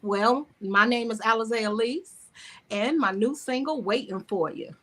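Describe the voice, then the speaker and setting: A woman's voice: a little high, normal speed. A woman with a Southern American accent, a screenwriter and singer talking loosely about her work as an interview guest, in restarts and asides. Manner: loose, rambling, talks in restarts and "you know". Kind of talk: casual interview.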